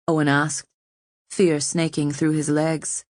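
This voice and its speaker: A woman narrating an audiobook in an even, measured voice, pitched fairly low. The recording is dry and close, with no room sound. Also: no room sound. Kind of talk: scripted narration.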